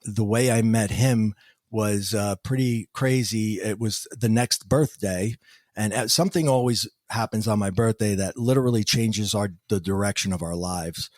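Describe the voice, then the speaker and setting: A man's voice: on the low side, normal speed, no echo, clean studio sound. Middle-aged man telling a personal story. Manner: animated, acts out quoted dialogue. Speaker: guest. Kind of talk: storytelling interview answers.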